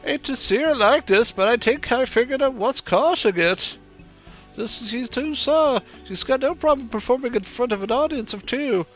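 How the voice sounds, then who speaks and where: A man's voice: very high voice, normal speed, fairly bright tone, soft background music. A man voicing an old, grey-haired male showman, reading game dialogue aloud in a raised put-on old-man voice. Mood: fretful.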